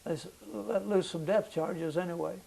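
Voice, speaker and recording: An older man with a high-pitched voice for a man and a gravelly edge to it, speaking in an oral history interview. He recalls the past slowly and haltingly, with frequent uh's and restarts as he works to remember. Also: warm tone, poor audio. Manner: halting recollection with many fillers. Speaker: veteran interviewee.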